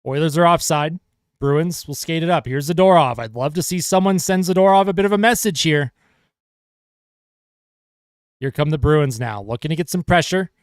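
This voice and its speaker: A man calling hockey play-by-play as a fan livestreamer, excitable and chatty with his viewers. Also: a little high, moderate pace, pauses often, clear, resonant tone, no room sound, clean studio sound. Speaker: fan commentator livestreaming a game. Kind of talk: casual play-by-play commentary.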